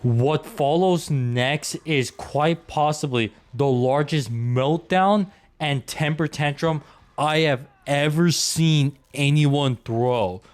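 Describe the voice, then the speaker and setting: Exasperated young man ranting a story. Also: fairly high pitch. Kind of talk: storytime commentary.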